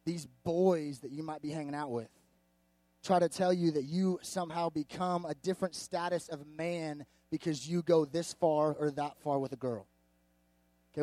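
Man, 30s, youth pastor; high, dry-miked voice, conversational and energetic sermon delivery. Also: dry recording. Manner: energetic, conversational preaching with acted-out quotes.

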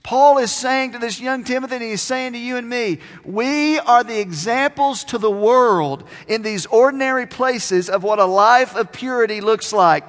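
A man preaching a sermon as pastor, stressing key words by slowing down and pausing. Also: extremely high pitch, a bit bright, long reverb tail. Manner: emphatic, slows down on key words.

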